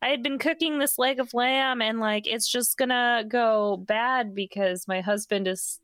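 A woman voicing a falsely sweet young housewife who acts innocent in a high, sugary voice. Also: steady tone, a little slow, a bit bright, clean tone, no echo.

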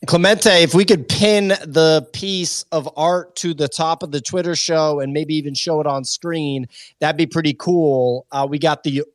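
A man hosting a podcast, reading a sponsor spot and moving the show along in a relaxed, steady way. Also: on the high side, a little slow, no echo. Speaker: host.

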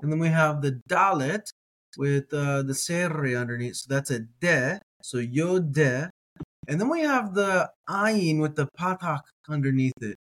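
A man with a slightly high voice leads a slow reading lesson. He sounds out each word syllable by syllable, pauses often on ums and uhs, and corrects himself as he goes. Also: fairly bright tone. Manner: hesitant, with frequent ums and uhs. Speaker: Hebrew teacher.

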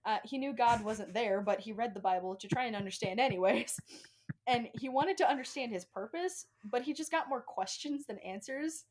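A woman's voice: fairly high pitch, moderate pace. A woman co-hosting a podcast, recapping a story in casual chat and laughing often. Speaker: podcast co-host.

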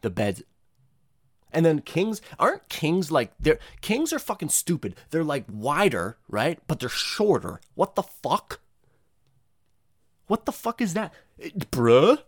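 Rambling, profane young man with a lively voice. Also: takes it slowly, no echo, clean studio sound. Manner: rambling, profane, animated, jumps into high-pitched voices for quoted people. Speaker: comedian. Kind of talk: comedic monologue.

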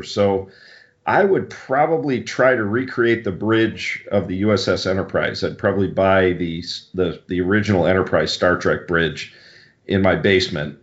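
A man with a very low voice chats casually as a podcast co-host. He wanders off on tangents and fixes his own words as he goes. The sound is dull and lo-fi. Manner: rambling, tangents, self-correcting.

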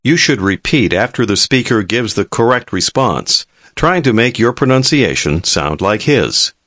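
A man narrating a language lesson in a calm, measured, clearly enunciated scripted delivery. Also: on the low side, dry recording, clean studio sound.

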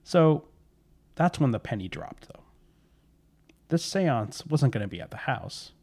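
A man's voice: mid-range voice, sing-song, unhurried, darkish tone. A man telling a spooky story in casual podcast chat, rambling with fillers and correcting himself.

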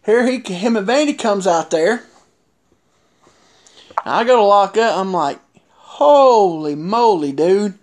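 A man's voice: sits high, lively intonation, unhurried, pauses often. A man telling a wrestling story in casual chat, rambling with many fillers and restarts.

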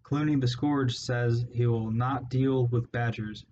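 A jittery, hot-tempered male rat henchman hisses and splutters his words, as a man reading a storybook puts him on. His voice sits a little higher than the reader's own. The recording is dull, with a faint background hiss. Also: fairly even intonation, measured pace, dark tone, lightly acted. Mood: wheedling. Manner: hissing, spluttering.

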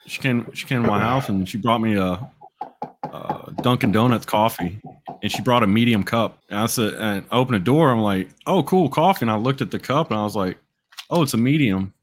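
A man's voice: fairly low pitch, brisk, a little hiss or hum. A man hosting a casual podcast chat, telling crude anecdotes with bursts of laughter. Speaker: podcast host.

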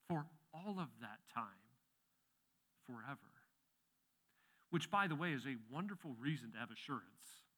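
A man's voice: mid-range voice, pushed and bright. A middle-aged male pastor delivering a sermon, swelling with emphasis on key phrases and sometimes restarting words.

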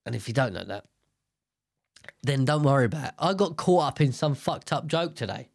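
A man's voice: medium pitch, lively intonation, fairly quick, vocal fry, dry recording, clean studio sound. Rambling guy telling stories. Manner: rambling, swearing, self-mocking. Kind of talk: casual storytelling monologue.

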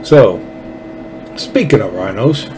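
Texas guy ranting on his own show, swears a lot, sarcastic, mellow darkish voice. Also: fairly low pitch, lively intonation, takes it slowly, slight background noise, low-quality recording. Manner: blunt, profane, sarcastic. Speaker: political talk show host. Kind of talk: ranting solo commentary.

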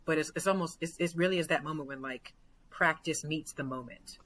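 A woman basketball coach talking earnestly as a podcast guest, full of fillers and growing excitement. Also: low voice, a little fast, slight background noise, low-quality recording. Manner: earnest, many fillers, builds to excited retellings.

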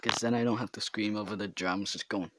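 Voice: mid-range voice, fairly even intonation, a little fast, background noise. A vlogger talking alone in their bedroom, rambling and giggly, with filler words all through. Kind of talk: rambling casual monologue to camera. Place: own bedroom.

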